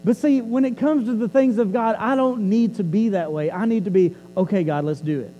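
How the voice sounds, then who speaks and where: A male preacher with a high but very mellow, warm voice. He tells his sermon like a story, chatty and loose. He often doubles back on his words as he goes. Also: brisk, big-room sound, dull audio, a little hiss or hum. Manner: conversational, repeats and restarts words.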